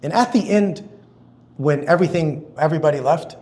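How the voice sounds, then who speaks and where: A man giving a conference talk in a storytelling sermon style, acting out quotes with big swings in pitch and loudness. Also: a little fast. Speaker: conference speaker.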